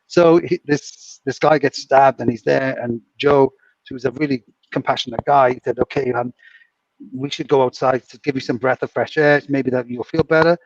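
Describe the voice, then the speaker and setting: A man's voice: mid-range voice, fairly even intonation, normal speed, dry recording. Male co-host, chuckling rambling storyteller; muffled, distant, dry pickup. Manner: rambling, chuckling anecdote teller. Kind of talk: casual storytelling chat.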